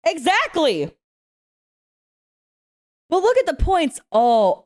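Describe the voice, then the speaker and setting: A young woman reacting to an anime, her voice sitting high and leaping around in pitch. She chats casually, swears freely and breaks into shouts at the screen as the action grabs her. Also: animated, moderate pace.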